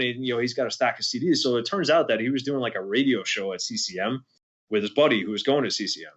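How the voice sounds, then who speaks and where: A man's voice: medium pitch, fast, a bit bright, husky, dull audio. A man in his forties from New Jersey, rambling through a casual story in an interview and acting out what others said. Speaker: podcast guest, former drummer.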